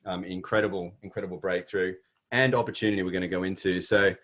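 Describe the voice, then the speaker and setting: A man's voice: deep voice, steady tone, fast, a bit bright. A middle-aged Australian man with an Australian accent, giving an earnest motivational webinar talk with many fillers and restarts. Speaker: webinar presenter. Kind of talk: motivational presentation.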